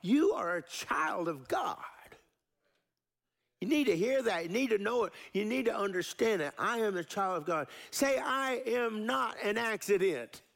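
Male pastor, middle-aged, high gravelly voice, sermon with call-and-response. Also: expressive, normal speed, hardly any pauses, fairly bright tone. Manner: call-and-response preaching, varying pace and emphasis.

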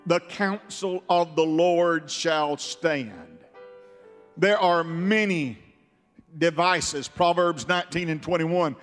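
A male preacher delivering a fervent sermon, repeating phrases and building to shouts. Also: high voice, in a large hall.

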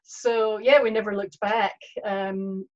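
Slow-talking Scottish woman on muffled audio. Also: mid-range voice, fairly even intonation, darkish tone. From Scotland. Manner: chatty, with frequent ums. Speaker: guest, horse trainer. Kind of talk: casual interview chat.

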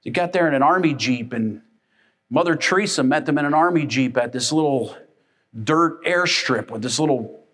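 A male pastor delivering a sermon in a high voice. He tells everyday family stories with lively energy and briefly plays the people in them. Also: moderate pace. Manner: animated storytelling, acting out family members.

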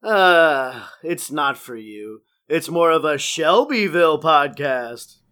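Folksy huckster pitchman played by a man, high and swooping, selling hard. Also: animated, slow, pushed and bright, full character voice. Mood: pitching. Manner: folksy, with wide theatrical swings in pitch. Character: folksy fast-talking small-town male huckster pitchman. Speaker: promo spokesman for a review podcast.

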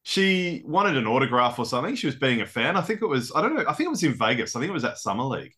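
Upbeat male co-host, bright tone, lots of pitch movement, casual banter. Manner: animated, quick to laugh. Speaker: podcast co-host. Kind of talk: casual chat.

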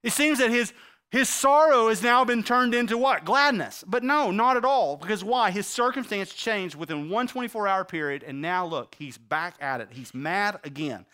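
A man preaching a sermon, acting out the quotes he reads and swinging between loud outbursts and hushed lines. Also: high voice, animated, normal speed.

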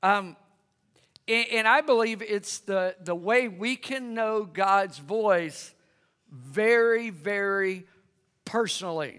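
A man's voice: high-pitched, slow pace, bright, forceful tone, clear, resonant tone. A man preaching a sermon, calling on the congregation to answer him. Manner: conversational, calls for congregation to respond. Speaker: pastor. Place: church hall with congregation. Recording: long hall reverb.

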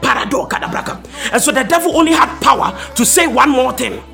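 A man preaching a sermon with impassioned, sing-song delivery, often rising to a shout. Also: very high voice, lively intonation, unhurried, vocal fry, faint music behind.

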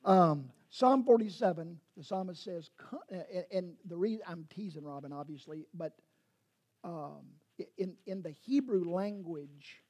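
A man's voice: high voice, unhurried, darkish tone. A man, a pastor preaching a sermon in a rambling, self-correcting way and teasing his congregation.

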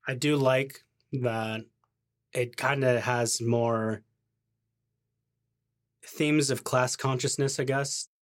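A man's voice: mid-range voice, fairly even intonation, slow pace, pauses often. A man co-hosting a podcast who makes thoughtful, analytical remarks in casual chat. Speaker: podcast co-host.

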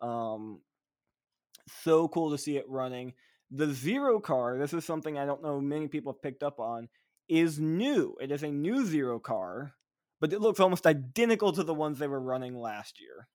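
This co-host's voice is on the high side and moves at normal speed as he chats excitedly on a relaxed podcast. His casual talk rambles freely, peppered with "um" and "like" and frequent sentence restarts.

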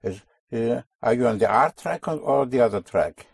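A man teaching a spoken language lesson to a student, explaining slowly and deliberately and repeating key sounds. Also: medium pitch, animated, gravelly, darkish tone, breathy edge, no room sound, studio quality.

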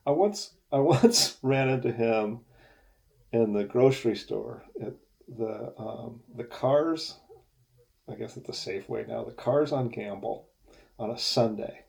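A man as an interview guest, telling stories in a relaxed, rambling way and laughing often. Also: mid-range voice, a little slow, gravelly. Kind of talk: casual storytelling.

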